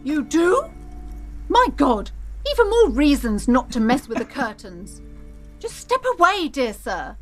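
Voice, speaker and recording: A woman's voice: high-pitched, sing-song, measured pace. An actress voicing a nervous female shop owner in a video game, anxiously pleading with a customer to stay out of her back room. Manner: anxious and insistent. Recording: faint game music behind.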